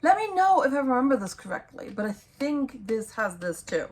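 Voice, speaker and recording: A young woman giving book recommendations in a casual vlog, rambling and hesitant with many ums and self-corrections, her voice going hoarse. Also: sits high, sing-song, normal speed, darkish tone. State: losing her voice. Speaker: book vlogger.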